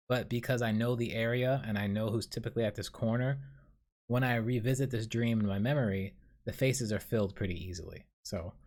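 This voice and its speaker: A young man from New City, hosting a casual solo podcast and telling a dream in a rambling, profane, self-deprecating way. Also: on the low side. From New York City. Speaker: podcast host.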